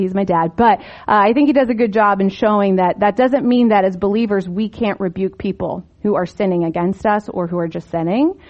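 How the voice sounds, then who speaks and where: A woman's voice: mid-range voice, darkish tone. Woman Bible teacher, casual and talky, emphatic rhetorical questions; slightly muffled recording.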